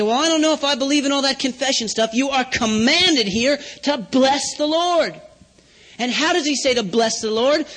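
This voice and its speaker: A man's voice: very high-pitched, a bit bright. A man preaching a sermon, teaching step by step and checking in with his listeners with questions. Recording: hall reverb.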